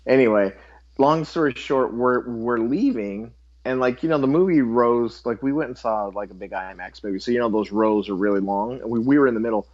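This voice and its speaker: A man's voice: mid-range voice, brisk. A man co-hosting a podcast, telling a casual, swearing anecdote in an easygoing way. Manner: easygoing, swearing, animated storyteller. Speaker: podcast co-host. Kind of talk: casual chat. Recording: dull lo-fi sound.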